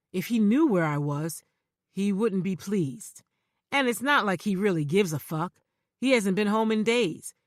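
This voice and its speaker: A woman narrating a thriller audiobook in first person, measured and even. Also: medium pitch, no echo, clean studio sound.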